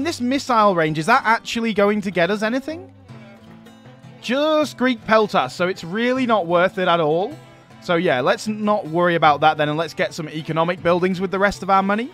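A man doing chatty let's play commentary, self-mocking and given to bursts of excited cheering. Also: sits high, moderate pace, soft background music. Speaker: game commentator.

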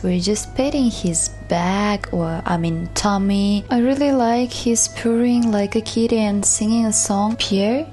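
Slow playful woman gaming vlogger. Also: mid-range voice, mellow, soft background music. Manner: chatty, playful, talks to her pet like a baby. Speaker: gaming YouTuber. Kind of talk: let's-play commentary.

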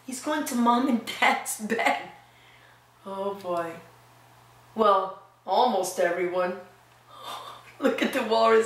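A woman's voice: medium pitch, slow, long pauses, echoey room, recorded from a distance. A preschool teacher, a woman, reading a picture book aloud expressively and asking the children questions.

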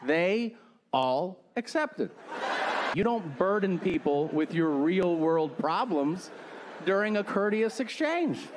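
A man in his forties doing a crude, deadpan stand-up comedy set on a theater stage, acting out quotes in his stories. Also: high voice, slow pace, heavy background noise. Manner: brash, crude, deadpan storytelling with acted-out quotes.

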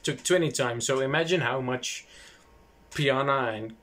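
A man's voice: medium pitch, measured pace, a bit bright. Rambling man retelling history casually. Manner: rambling, loose asides and self-corrections.

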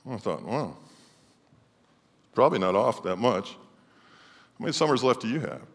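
A middle-aged male pastor preaching a sermon emphatically, swinging between loud declarations and quiet asides. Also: lowish voice, sing-song, normal speed. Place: church sanctuary. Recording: long church hall reverb.

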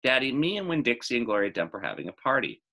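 A man's voice: medium pitch, big pitch swings, fast, sharp tone, pitched above the performer's own voice. A man reading aloud, voicing an earnest, polite young girl who pleads eagerly.

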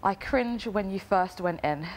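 A woman's voice: medium pitch, unhurried. A young woman, a reality show contestant, reading a family letter aloud in an emotional way. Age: young adult. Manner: emotional, breaking into laughter while reading.

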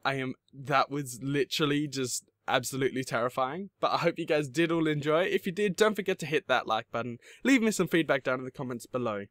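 Jittery Australian teen gamer. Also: male voice, medium pitch, brisk, few pauses, fairly bright tone, dry recording, clean studio sound. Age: teens. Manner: jittery, gasping, repeats phrases. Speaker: gaming YouTuber. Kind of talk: horror game let's play commentary.

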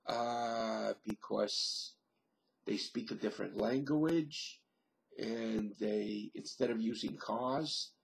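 Guy rambling to his webcam, slow and gravelly, lots of uhs. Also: on the low side. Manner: slow, musing, thinks aloud with many pauses and fillers. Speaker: vlogger. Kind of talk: rambling solo webcam monologue.

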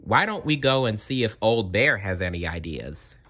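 A man voicing a matter-of-fact toy duck in a storybook reading, low and sensible. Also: very animated, normal speed, pushed and bright, exaggerated voice.

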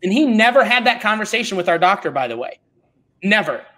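A middle-aged man talking as a podcast guest, telling stories in a blunt, animated, informal way. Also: high voice, brisk. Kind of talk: casual conversational storytelling.

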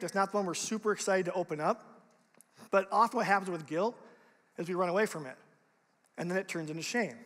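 Young male youth pastor, conversational and lively, high-pitched, recorded in a reverberant auditorium. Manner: casual, animated, conversational preaching. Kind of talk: youth sermon. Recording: long reverb of a large hall.

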